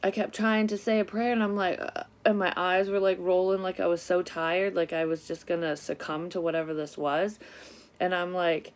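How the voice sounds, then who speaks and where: A psychic reader hosts a casual tarot vlog, recounting her story openly and cursing freely. Her voice is low for a woman, her tone steady, her pace moderate.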